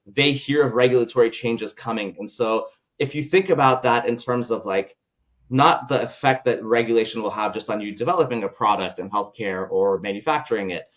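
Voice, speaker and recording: A man's voice: mid-range voice, fairly quick, fairly bright tone, lo-fi sound. A male podcast guest and product leader talking casually, looping in fillers and ending points with "right?". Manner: loose, filler-heavy, ends points with "right?". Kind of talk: casual conversational interview.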